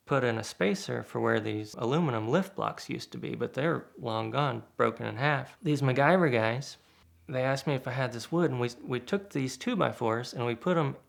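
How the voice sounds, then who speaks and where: A man with a gravelly, creaky edge to his voice tells a casual anecdote. His pitch sits in an ordinary middle range. He keeps the telling lively and acts out what other people said. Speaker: guest storyteller.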